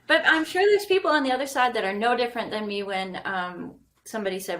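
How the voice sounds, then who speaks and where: A woman, a guest architect talking casually in a podcast interview, animated and quick to laugh. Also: mid-range voice, a little hiss or hum. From Canada. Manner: animated, laughs often, playful.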